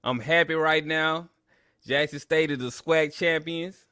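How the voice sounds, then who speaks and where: On a live sports listen-along stream, a man chats casually with his viewers, boasting and trash-talking rivals before ranting complaints at the broadcaster, speaking straight to his chat. His voice is on the high side, bright and forceful, at a moderate pace, recorded with studio quality and no echo.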